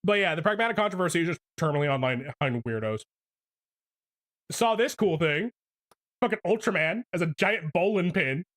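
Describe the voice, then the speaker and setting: A man's voice: high voice, expressive, fairly quick, fairly bright tone. Young male streamer, casual livestream rant, heavy swearing. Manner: profane, ranting.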